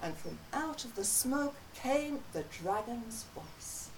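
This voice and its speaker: A woman storyteller telling a folk tale live, slow and measured with dramatic pauses, accompanied by a musician. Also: a little high, expressive, a little hiss or hum. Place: conference venue, live audience. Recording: distant live recording with guitar.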